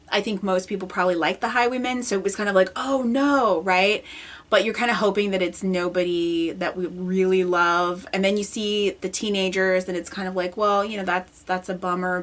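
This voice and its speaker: A woman's voice: medium pitch, a bit bright. A woman reviewing a TV episode in a casual chat, talking with lots of fillers and restarts and sounding close to tears. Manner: emotional, chatty, frequent fillers and restarts. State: near tears. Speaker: TV show reviewer.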